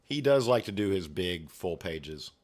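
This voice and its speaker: A man's voice: deep voice, big pitch swings, measured pace. A man giving casual, rambling commentary while reading a comic aloud, making his own sound effects. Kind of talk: casual read-along commentary.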